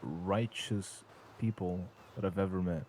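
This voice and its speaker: A man talking in character during a role-play game, casual and profane, with halting restarts. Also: sits low, darkish tone, a little hiss or hum.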